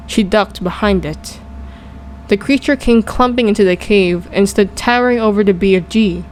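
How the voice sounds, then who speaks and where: A woman reading a children's storybook aloud in a calm, steady way as narrator. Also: medium pitch, a little hiss or hum, poor audio. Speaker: audiobook reader.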